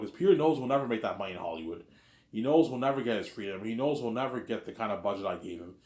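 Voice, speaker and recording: A man's voice: lowish voice, animated, quick pace, darkish tone, roomy sound. A man talking to his own camera in a long, rambling monologue, boastful and repetitive, swearing often. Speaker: vlogger. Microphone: camera he sets up himself.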